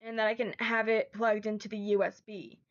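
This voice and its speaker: A woman's voice: medium pitch, little pitch movement, a little fast, dull audio. A woman streaming from home, flustered and apologetic, filling her talk with ums while she fixes her setup. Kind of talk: casual live-stream talk.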